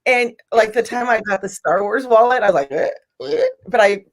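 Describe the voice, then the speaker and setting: A woman's voice: fairly high pitch, a little fast. Bubbly, gushing woman hosting a live stream. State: teary, emotional. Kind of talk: casual live-stream chat.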